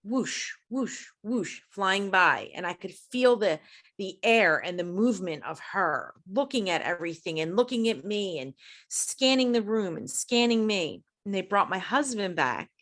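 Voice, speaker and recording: A middle-aged woman, a podcast guest, telling a personal story in a high-strung, animated way, jumping in pitch when she quotes herself. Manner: animated, acts out quoted voices with big pitch jumps; high-strung, fast-talking. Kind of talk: storytelling in an interview.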